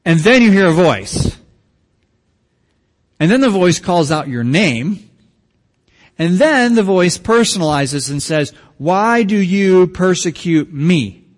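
A male pastor delivers a sermon in a casual, joking way, talking with the congregation. His voice sits a little high for a man. The sound rings with a long hall reverb. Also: animated, measured pace, long pauses.

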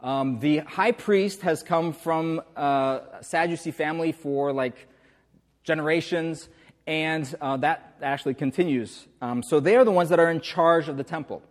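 A man's voice: a little high, measured pace. Chatty preacher man in a reverberant hall. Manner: chatty, uses hesitant fillers and rhetorical questions. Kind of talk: conversational sermon. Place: church sanctuary.

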